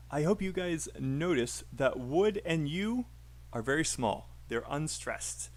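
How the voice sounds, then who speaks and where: A man's voice: fairly high pitch, expressive, slow pace. A man teaching English pronunciation on a live stream, chatty and encouraging, calling out names from the chat.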